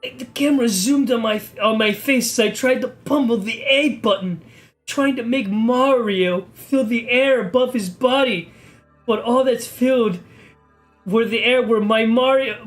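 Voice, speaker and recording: A man giving a mock-serious, deadpan reading of an amateur horror story, stumbling over the text now and then. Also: extremely high pitch. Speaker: video creator reading a story.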